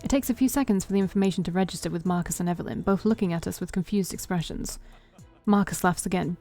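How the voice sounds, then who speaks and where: A woman streamer reading a story game aloud in first person, expressive, with small stumbles and self-corrections. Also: lowish voice, fast talker, no echo, faint music behind.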